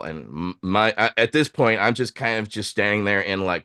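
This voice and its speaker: A man's voice: lowish voice, normal speed, few pauses, bright, forceful tone, clean tone, dry recording. Middle-aged male host, casual storyteller, cursing, mimics others, dead-dry sound. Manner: swearing, acts out quoted voices. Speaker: podcast host.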